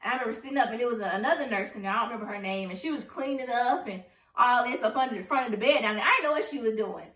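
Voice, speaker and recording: A young woman telling a personal story in a casual, animated way, acting out voices and laughing as she goes. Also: fairly high pitch, rapid-fire. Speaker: vlogger telling her story. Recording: echoey room, mic at a distance.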